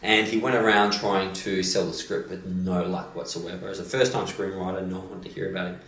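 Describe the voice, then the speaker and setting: Low-voiced man telling a motivational story. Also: fairly quick. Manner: animated retelling with frequent "you know" and "um". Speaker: motivational coach. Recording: roomy echo, distant mic.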